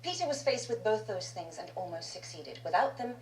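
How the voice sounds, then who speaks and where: An actress playing a poised aristocratic woman in a TV drama, speaking in a measured, earnest way that drops low and intense. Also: sing-song, a little hiss or hum, natural voice. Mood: persuasive. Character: poised aristocratic woman confronting an old love. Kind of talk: TV drama dialogue. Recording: roomy clip with music underneath.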